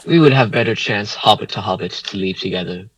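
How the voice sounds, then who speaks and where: A man's voice: fairly low pitch, fairly quick, a bit bright, breathy edge, no echo, rough recording. A man playing a hobbit in a tabletop role-playing game, speaking in character with stilted, formal phrasing. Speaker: player.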